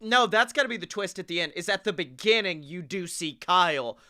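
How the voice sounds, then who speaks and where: A man co-hosting a comedy podcast, riffing excitedly and swearing often. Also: high voice, brisk. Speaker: podcast co-host.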